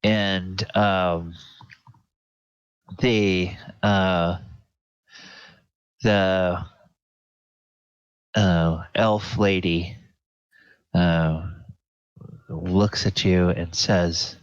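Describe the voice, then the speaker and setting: Man game master, slow, searching, dry, lo-fi. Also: deep voice, fairly even intonation, clean tone, no echo. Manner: slow, searching, many fillers. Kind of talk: narrating a tabletop game. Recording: dull lo-fi audio.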